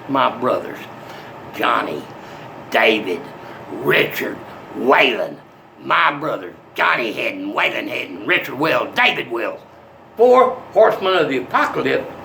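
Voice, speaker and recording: An older man with a drawl talks in a repetitive, rambling monologue. His voice is gravelly and a touch high, leaping up and down in pitch as he veers between soft talk and menace. A faint hum sits behind him. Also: rough recording. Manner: volatile, swinging from soft to menacing.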